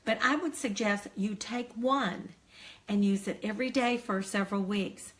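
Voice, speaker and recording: Older female teacher trainer, warm encouraging delivery, breaks into slow singsong chants. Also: medium pitch. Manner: friendly, encouraging explanation. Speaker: early childhood educator.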